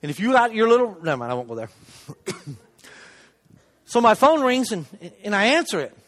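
High-pitched man preaching in an echoing hall. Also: sing-song, normal speed. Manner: conversational, self-deprecating, swings between loud emphasis and hushed asides. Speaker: lay preacher giving a testimony. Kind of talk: sermon testimony. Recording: long reverb of a church hall.

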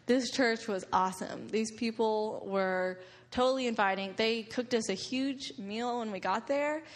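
A woman's voice: fairly high pitch, unhurried. A young woman giving a slideshow talk to a group about a mission trip, telling stories and laughing often. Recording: long reverb of a hall.

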